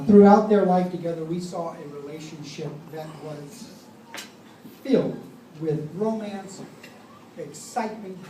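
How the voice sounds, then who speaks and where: A man's voice: high voice, mellow. Middle-aged man giving a eulogy, echoey and distant. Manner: storytelling, humorous anecdotes. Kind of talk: eulogy speech. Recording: echoey room, distant mic, background noise.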